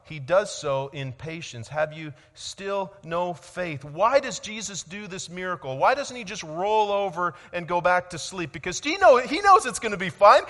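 Dynamic male preacher in a reverberant hall. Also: sits high. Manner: dynamic preaching, swinging between loud emphasis and quiet reflection. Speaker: pastor. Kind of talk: sermon.

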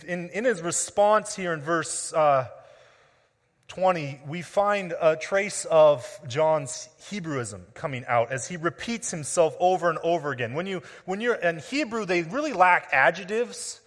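A man's voice: on the high side, a bit bright. A man preaching a sermon, explaining scripture and often restarting with repeated words. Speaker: pastor. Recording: long reverb of a large hall.

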